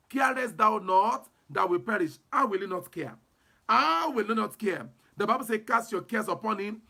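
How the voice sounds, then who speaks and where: Fervent gravelly male preacher. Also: sits high, bright, forceful tone. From Nigeria. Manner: fervent, repetitive preaching with declarations and tongues. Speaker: apostle and preacher. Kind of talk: sermon and prayer.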